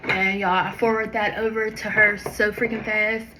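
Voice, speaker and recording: A woman's voice: mid-range voice, level tone, normal speed, noisy background. A young woman with a sore throat telling a casual storytime vlog, chatty and talking straight to her viewers. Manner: chatty, addresses viewers as y'all. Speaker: vlogger.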